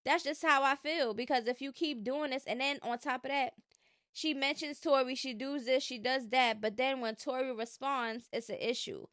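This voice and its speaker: Opinionated woman, smooth dry voice. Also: high-pitched, steady tone, a bit bright, no room sound. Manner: opinionated, chatty, drawn-out emphasis. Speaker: commentary channel host. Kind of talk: casual gossip commentary.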